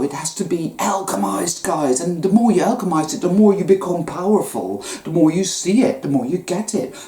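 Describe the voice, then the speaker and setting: This spiritual vlogger has a low, mellow voice and is recorded in a room with noticeable echo. Her monologue is intense and emotional, punctuated by gasps and the odd curse word.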